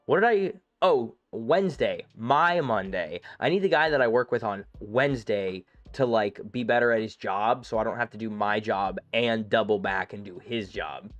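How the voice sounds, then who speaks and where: A man streaming a game, chatting casually and rambling through stories with quick asides. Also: on the low side, a bit bright, no room sound, muffled recording, soft background music. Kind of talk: casual live-stream chat.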